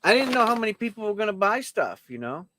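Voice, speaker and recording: A man's voice: sits high, sing-song, fast, sharp tone, a little hiss or hum. A man hosting a coin auction livestream, chatting casually and joking as he talks straight to his viewers.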